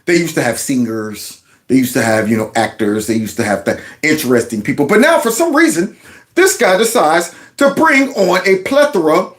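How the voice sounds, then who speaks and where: A man with a high voice that swings widely as he talks gives sarcastic reaction commentary on news clips. He fires off mocking rhetorical questions in an animated, needling way. His tone stays scornful and showy throughout. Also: normal speed. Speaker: commentary vlogger.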